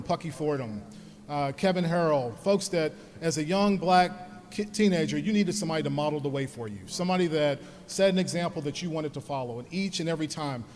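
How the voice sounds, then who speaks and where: Earnest man telling stories in a hall. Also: fairly high pitch. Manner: earnest, storytelling, grows soft when thanking his parents. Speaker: alumni speaker. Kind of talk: heartfelt speech with personal stories. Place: large hall at an alumni event. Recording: long hall reverb.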